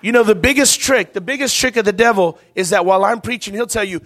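A man preaching an altar call to a congregation, impassioned and rising to loud, fervent preaching, with a folksy "y'all.". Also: sits high, fast, few pauses. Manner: uses y'all, ain't. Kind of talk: revival altar call sermon. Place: church service with congregation.

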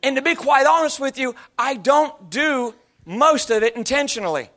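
A man's voice: very high voice, normal speed, a bit bright. A male pastor in his thirties or forties preaching a sermon in a conversational storytelling way, often slipping into voices and accents he imitates.

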